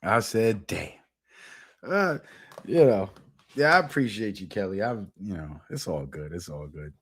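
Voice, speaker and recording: A man's voice: fairly low pitch, expressive, moderate pace, husky. A man hosting his own channel at home alone, talking in a loose, profane, casual commentary style and laughing often. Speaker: channel host.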